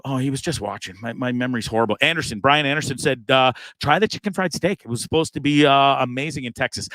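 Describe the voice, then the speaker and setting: Animated, bright-voiced male live-show host. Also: medium pitch, no echo. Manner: animated, acts out the other people in the story, swears freely. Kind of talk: casual storytelling on a live show.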